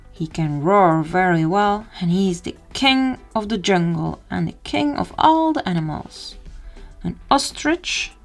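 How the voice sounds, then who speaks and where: A woman slowly naming animals for a baby in a playful sing-song way, imitating animal sounds and sometimes dropping to a soft whisper. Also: mid-range voice. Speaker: children's video presenter.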